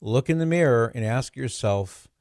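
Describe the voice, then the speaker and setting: A man's voice: medium pitch, expressive, normal speed, darkish tone, no echo, studio quality. A man hosting a radio talk show, chatting casually and laughing easily as he repeats words for fun.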